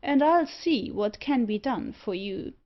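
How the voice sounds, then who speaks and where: A woman voicing a sour-looking gentleman who speaks curtly and briskly. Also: on the high side, lively intonation. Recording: slightly dull audio.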